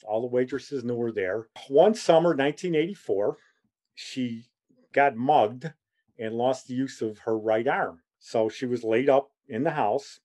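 A man, telling a family story in a loose, rambling way. He chuckles as he goes and keeps slipping into animated quotes of the people in it. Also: mid-range voice, a little slow. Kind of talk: casual anecdotal storytelling.

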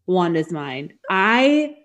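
A woman co-hosting a podcast in casual chat, talking in a chatty, excitable way and laughing easily. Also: fairly low pitch, drawn-out words. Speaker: podcast co-host.

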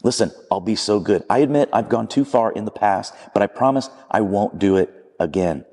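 A preacher doing a coaxing, mocking lizard tempter. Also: male voice, on the low side, moderate pace, darkish tone, breathy edge, in a large hall. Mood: wheedling. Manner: wheedling and coaxing. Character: pleading, mocking red lizard tempter, male.

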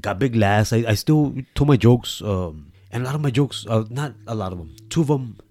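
A man's voice: medium pitch, lively intonation, moderate pace, mellow, no room sound, clean studio sound. A man, co-hosting a podcast and telling a profane, laughing comedy story. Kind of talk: casual storytelling chat.

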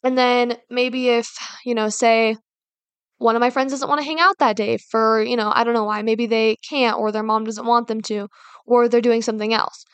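A woman's voice: on the high side, steady tone, normal speed, clear, resonant tone, no echo. A woman hosting a casual advice talk, rambling and filling her sentences with "like" and "you know". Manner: rambling, heavy use of fillers like "like" and "you know". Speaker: podcast host.

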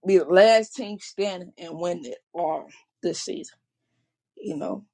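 A woman's voice: fairly low pitch, measured pace, creaky, dark tone. A woman hosting her podcast, rambling casually about sports with many fillers and restarts and apologizing for her swearing. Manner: rambling, full of fillers and self-corrections. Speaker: podcast host.

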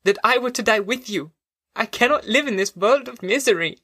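Man playing a young woman in raw grief, storybook reading, lifted high and impassioned, very dry. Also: normal speed, fairly bright tone, no echo. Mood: distraught. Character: grieving young woman, loving and distraught.

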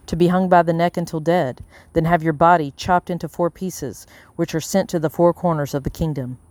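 A reader voicing a scheming colonial-era male mayor who speaks calmly and persuasively in an audiobook. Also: mid-range voice, fairly quick, no room sound, lightly acted. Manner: calm, coldly persuasive. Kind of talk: audiobook character reading.

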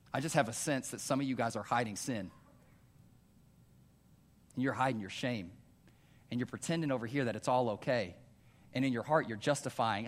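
A man preaching a sermon to a congregation in a church, calling out "amen?" and asking rhetorical questions, moving between hushed earnest pleading and louder emphatic urging. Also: medium pitch. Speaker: pastor. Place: church hall before a congregation.

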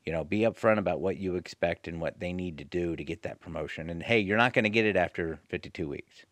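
A man with a deep, low voice talks supervisors through workplace advice in a casual, blunt way. He repeats his key points and slips into quick mock voices of employees and managers. The sound is close and dry, with no room around it. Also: fairly bright tone, no room sound. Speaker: federal HR advisor speaking to supervisors.

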